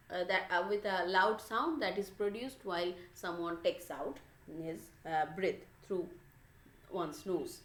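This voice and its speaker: Slow woman teacher explaining a story. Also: mid-range voice, fairly bright tone. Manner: halting, many fillers and restarts. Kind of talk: reading a story aloud and explaining words. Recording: echoey room.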